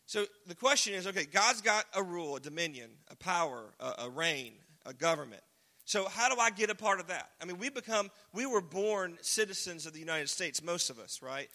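A man preaching a casual, joking sermon, now and then shouting single words for emphasis. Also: high-pitched, expressive, brisk. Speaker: pastor. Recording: long hall reverb.

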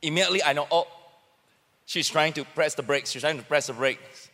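A man preaching about marriage, acting out arguments in a lively, animated way. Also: a little high, fairly quick. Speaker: pastor. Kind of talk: sermon teaching with a couple. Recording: long hall reverb.

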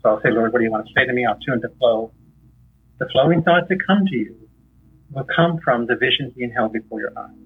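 A husky-voiced man talks through a thin, tinny phone line like an interview guest on a call. He tells stories animatedly and his voice jumps upward whenever he acts out someone else's lines. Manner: animated storyteller, acts out dialogue with rising pitch. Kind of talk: conversational teaching on faith.

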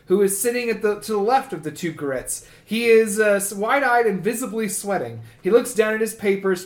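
A man reading a comedy screenplay aloud as a podcast co-host, halting and filling pauses with uh. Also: sits high. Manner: halting, with frequent uh fillers. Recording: echoey room.

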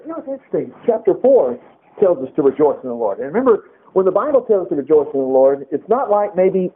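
Man teaching scripture over tinny radio. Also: on the high side. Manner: conversational, reads scripture aloud, frequent asides. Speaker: preacher. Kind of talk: informal Bible teaching. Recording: tinny phone-like radio broadcast.

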